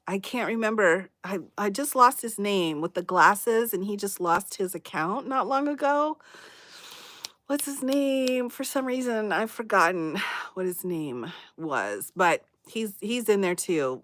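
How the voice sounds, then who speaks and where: Giggly, animated woman chatting on a livestream. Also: medium pitch, no echo, clean studio sound. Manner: giggly and animated, laughs often, reacts to chat. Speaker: livestream host. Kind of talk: casual livestream chat.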